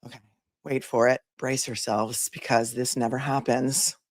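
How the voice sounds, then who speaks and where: A woman's voice: extremely low pitch, flat delivery, moderate pace, no room sound. A woman attorney hosting a casual livestream, chatty and joking as she talks straight to her viewers.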